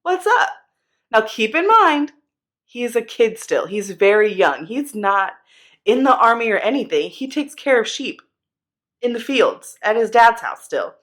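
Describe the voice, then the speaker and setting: A woman telling a Bible story to kids in a chatty, slangy, animated way. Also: on the high side, unhurried. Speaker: children's Bible teacher.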